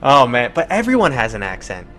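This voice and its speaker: A man's voice: medium pitch, wildly swooping pitch, brisk, music in the background. A man with a New York City accent hosting a casual interview, joking and enthusiastic. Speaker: host.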